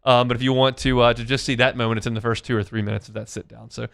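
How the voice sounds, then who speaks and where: A man hosts a sports talk radio show, telling stories in a loose, animated way with plenty of fillers. His voice is smooth and resonant, at a middle pitch, recorded close on a studio microphone. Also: rapid-fire. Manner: conversational, animated storytelling with fillers.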